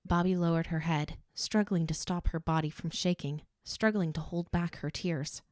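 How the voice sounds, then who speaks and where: A woman narrating an audiobook in a steady, even reading voice. Her pitch sits a little low. The recording is dry and close, with no room sound. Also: normal speed, few pauses, dry recording. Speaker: audiobook reader.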